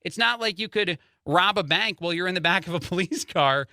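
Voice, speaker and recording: A man's voice: sits high, expressive, brisk, bright, forceful tone, dry recording, studio quality. A man filling in as a talk radio host, giving opinionated commentary with lots of "uh" fillers and chuckles at the stories.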